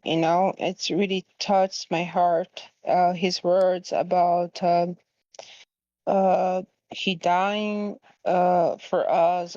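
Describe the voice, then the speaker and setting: A woman's voice: lowish voice, darkish tone, no echo, muffled recording. Hesitant, tearful woman on a call. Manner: hesitant, full of fillers and restarts. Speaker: caller. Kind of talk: emotional call-in confession.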